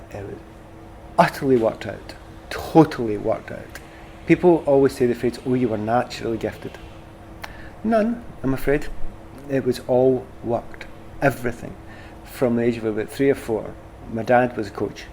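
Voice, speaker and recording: Animated Glaswegian man telling stories. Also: medium pitch, normal speed, a little hiss or hum. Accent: Glasgow Scottish. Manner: animated, self-deprecating storyteller. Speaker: guest, former footballer. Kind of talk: casual conversation.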